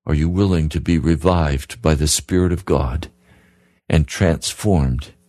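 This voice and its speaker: A man's voice: a bass voice, measured pace, mellow, no room sound. A man preaching a radio sermon, earnest and pleading, repeating his questions to the listener. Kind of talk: sermon broadcast.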